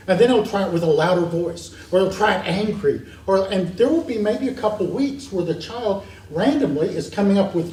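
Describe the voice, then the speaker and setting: A man's voice: high voice, expressive, a little fast, mellow, reverberant. Male class teacher, earnest and emphatic, recorded from far off with faint hiss. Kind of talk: classroom lecture. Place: church meeting room.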